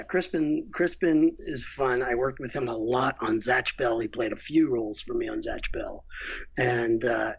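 Middle-aged male guest storyteller, husky, rambling and animated, dull lo-fi line. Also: mid-range voice. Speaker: guest, voice director and writer. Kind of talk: casual podcast conversation. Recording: muffled lo-fi remote audio.

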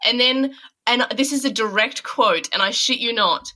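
Woman co-host, casual swearing storyteller, bright upper voice. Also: a little high, moderate pace. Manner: swears freely, animated storytelling. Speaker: podcast co-host. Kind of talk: casual chat.

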